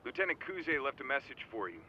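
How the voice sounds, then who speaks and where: A yakuza underling in a game, speaking briskly and dutifully. His voice is bright and sharp. The sound is dull and muffled, with faint hiss behind it. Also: medium pitch, very animated. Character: male yakuza underling passing on orders. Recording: dull game audio off a stream.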